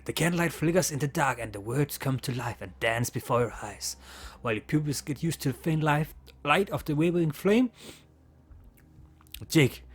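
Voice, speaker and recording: A man casually playing a text adventure game aloud, stumbling over words, laughing and swearing as he reads. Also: medium pitch. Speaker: game player reading aloud. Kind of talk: casual let's-play narration.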